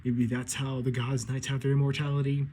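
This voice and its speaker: A man giving an excitable, casual recap of a comic chapter, acting out the characters' lines and swearing freely. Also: medium pitch, fairly quick, slight background noise. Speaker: anime commentator.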